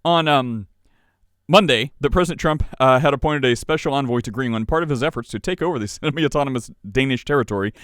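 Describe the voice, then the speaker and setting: A man co-hosts a casual podcast and reads the news aloud, breaking in with sarcastic jabs. His voice is smooth and clean, recorded dry and close with no room sound. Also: fairly high pitch, lively intonation, brisk, a bit bright, no echo. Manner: sarcastic, laughing asides while reading. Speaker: podcast co-host.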